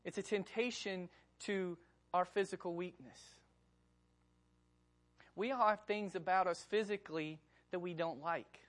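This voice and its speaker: A woman's voice: lowish voice, measured pace. Woman preacher, emphatic sermon, keeps repeating lines and asking questions. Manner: emphatic, repeats key phrases, rhetorical questions.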